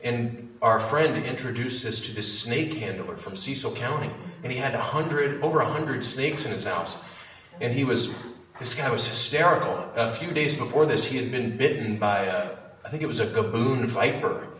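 A man's voice: medium pitch, lively intonation, moderate pace, a bit bright. A young man candidly telling a personal story to a live audience, rambling and swearing freely, often cutting himself off. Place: event room with an audience. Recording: roomy, distant, dull lo-fi room recording with faint noise.

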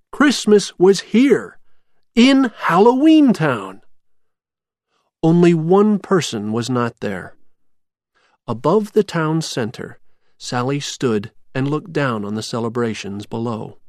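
Storybook narrator, slow and lively in pitch, dry close mic. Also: dry recording. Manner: slow, clear, expressive reading. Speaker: audiobook narrator. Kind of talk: graded reader storybook narration.

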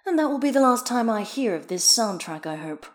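A woman reading a bossy, sharp-tongued young man. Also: a little high, lively intonation, a little fast, pitched above the performer's own voice, close to an everyday voice. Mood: pointed. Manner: crisp, bossy, dry. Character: sharp-tongued young male figure skater.

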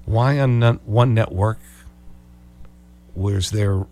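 A man hosting a call-in radio talk show, sarcastic and animated, hammering phrases over and over. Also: fairly low pitch, takes it slowly.

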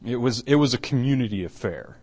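A man's voice: mid-range voice, lively intonation, brisk, darkish tone, husky. A middle-aged man, an elder preaching a conversational sermon, often repeating and restarting, then building to emphatic points.

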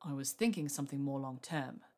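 A woman voicing a young wizard man in love, speaking low, dry and teasing. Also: a little fast, mellow. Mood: earnest.

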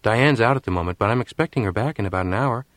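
A man's voice: lowish voice, fast, a bit bright, dry recording, clean studio sound, close to an everyday voice. A male audiobook reader voicing a girl's composed older sister, polite in manner. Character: calm older teenage sister.

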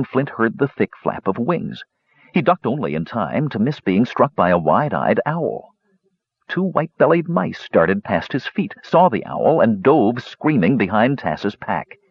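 A man reading a fantasy story aloud in expressive scripted narration, giving each character a voice. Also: lowish voice, breathy edge, no echo, muffled recording. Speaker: audiobook narrator.

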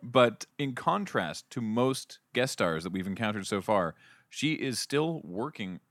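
A man's voice: fairly low pitch, very animated, a little slow, fairly bright tone, dry recording, studio quality. A man co-hosting a podcast, chatting casually and jokingly as he retells a TV episode scene by scene. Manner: jokey, retells scenes with quoted lines. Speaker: podcast co-host. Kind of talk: casual chat recapping a TV episode.

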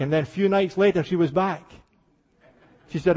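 Older man, preacher, high voice, impassioned revival sermon, long hall echo. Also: moderate pace, dull audio. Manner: impassioned storytelling, dropping to hushed tones then rising to exclamations. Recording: reverberant hall.

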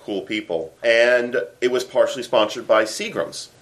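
A man's voice: medium pitch, normal speed, fairly bright tone. A man from New York co-hosting a podcast, chatting casually and telling long stories. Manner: storytelling, reads listener mail aloud. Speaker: podcast co-host. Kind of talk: casual chat.

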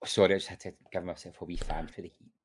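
A man's voice: deep voice, flat delivery, fast, slightly rough. Man chatting on a podcast. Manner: chatty, hesitant with many fillers. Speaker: podcast co-host. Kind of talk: casual chat and reading news aloud.

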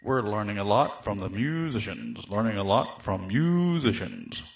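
A man's voice: on the low side, very animated, a little slow, creaky. A man rapping playful, rambling rhymes and chatting on a hot mic during an online jam session. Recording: live mic over loud band with drums. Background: jam band playing, drums.

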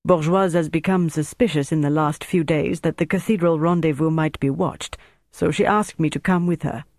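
A man's voice: on the high side, normal speed, a little mellow, dry recording, clean studio sound, natural voice. A man voicing a commanding German intelligence major who barks orders. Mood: terse, controlled.

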